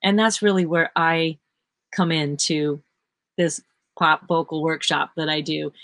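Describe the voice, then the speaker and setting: A woman session singer chatting in an interview, telling lively stories and laughing often. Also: deep voice, measured pace, no room sound. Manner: animated storyteller who acts out quotes, laughs often. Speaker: session singer and vocal workshop teacher. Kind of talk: casual interview chat.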